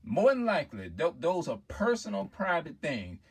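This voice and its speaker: A man's voice: fairly high pitch, huge pitch swings, moderate pace, vocal fry, breathy edge. A man in a casual, rambling monologue as a vlogger, restarting sentences and often asking "you know what I'm saying?".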